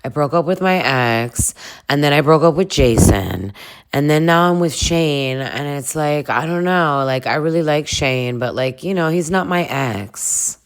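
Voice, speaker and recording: A woman voicing a tearful young woman who rambles softly and hesitantly about her breakups. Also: low-pitched, expressive, unhurried, clear, resonant tone. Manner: soft, hesitant rambling with fillers. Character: weepy, self-pitying young woman.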